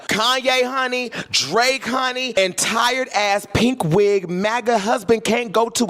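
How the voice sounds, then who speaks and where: A man's voice: high voice, normal speed, hardly any pauses, fairly bright tone. A man giving a sassy, dramatic pop-culture gossip rant, calling everyone honey and girl. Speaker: gossip commentator.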